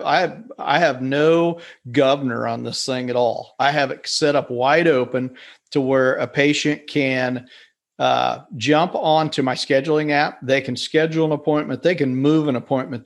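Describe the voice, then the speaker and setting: Rambling man on a podcast. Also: mid-range voice. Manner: rambling, self-deprecating, many fillers and restarts. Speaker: podcast co-host. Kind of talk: casual podcast chat. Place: wife's office.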